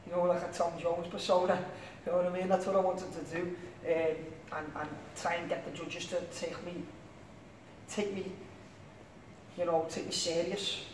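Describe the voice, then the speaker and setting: A man's voice: high voice, flat delivery, moderate pace. A young man with a Liverpool accent, a singer chatting casually as an interview guest, rambling and full of "you know what I mean". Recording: echoey room, distant mic, faint noise.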